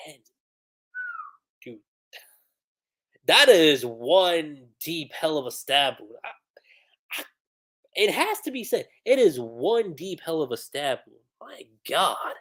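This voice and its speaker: A woman streamer chats through a comic review in a loose, slangy way and breaks into laughter often. Her voice sits low but swings widely, which keeps the delivery animated. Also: a little slow. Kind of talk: casual livestream chat.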